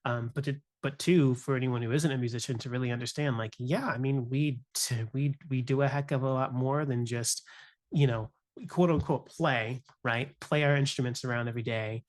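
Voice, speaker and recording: A man's voice: mid-range voice, fairly even intonation, fairly quick, hardly any pauses. A young adult man, a music teacher, talking earnestly and reflectively on a podcast, often adding "you know" and "right?". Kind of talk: candid podcast conversation.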